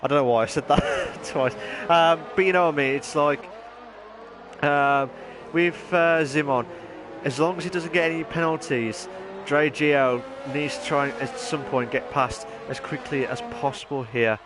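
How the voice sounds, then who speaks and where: Excitable chatty sim racing commentator, noisy mic. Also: male voice, a little high, normal speed. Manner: chatty, rambling, bursts into excited shouts. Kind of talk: live esports race commentary.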